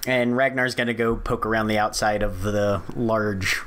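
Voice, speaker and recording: A man playing a tabletop game, calmly describing what his character does, with thoughtful hums between lines. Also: fairly low pitch, gravelly. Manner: calm, fills pauses with thoughtful hums. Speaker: player.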